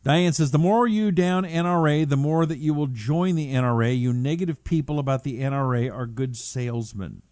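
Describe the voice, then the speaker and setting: A man's voice: a little high, normal speed, hardly any pauses, a little mellow, no echo, studio quality. A middle-aged man hosting a casual talk stream, reading viewer comments aloud and riffing on them in a chatty, rambling way. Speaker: talk show host.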